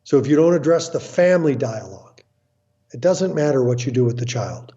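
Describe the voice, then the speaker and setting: A man's voice: mid-range voice, lively intonation, a little fast, warm tone. Emphatic man, dull lo-fi audio. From United States. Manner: emphatic, blunt, acts out quotes. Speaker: guest, family counselor. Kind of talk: animated storytelling interview.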